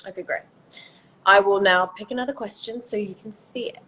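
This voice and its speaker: A woman's voice: mid-range voice, steady tone, fairly quick, a bit bright, rough recording. Chatty young Australian woman. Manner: chatty, giggly, trails off into whispers. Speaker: actress on a live stream. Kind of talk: casual chat. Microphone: phone on a video live stream.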